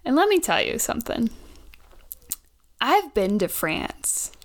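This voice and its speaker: A woman's voice: a little high, sing-song, slow pace, creaky. A young woman in her twenties co-hosting a casual chat podcast, chatty and laughing often as she tells stories. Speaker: podcast co-host.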